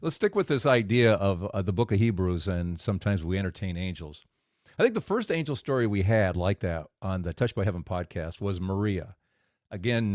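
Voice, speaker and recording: A man hosting a faith podcast, retelling stories and explaining scripture in a relaxed, explanatory way. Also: fairly low pitch, no room sound, clean studio sound. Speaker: podcast host. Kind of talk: faith podcast storytelling and commentary.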